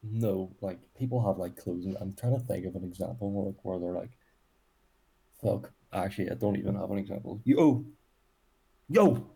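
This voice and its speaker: Young man, Northern Irish accent, co-host, low voice, rambling, swears a lot. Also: fairly even intonation, fairly quick, vocal fry, mellow, husky. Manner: rambling, swearing, mock-ranting. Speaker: podcast co-host. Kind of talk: casual chat.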